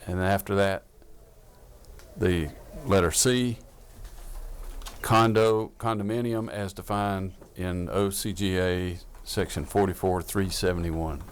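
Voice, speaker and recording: Low-voiced man chairing a vote. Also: fairly even intonation, slight background noise. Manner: reads amendments slowly and deliberately. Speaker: committee chairman. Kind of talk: chairing a legislative committee vote. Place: legislative committee room.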